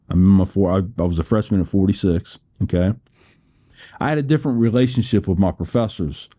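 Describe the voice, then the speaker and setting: A man's voice: on the low side, mellow. An American man in his sixties, a podcast guest who tells his story in a rambling way, laughing often and restarting phrases. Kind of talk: storytelling interview.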